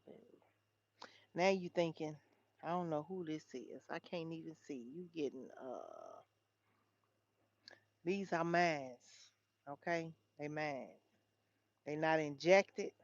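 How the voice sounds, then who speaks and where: Speaking low, a chatty woman livestream host reads headlines and talks directly to her audience in a casual way. The recording carries no echo and sounds dull, dry, and lo-fi.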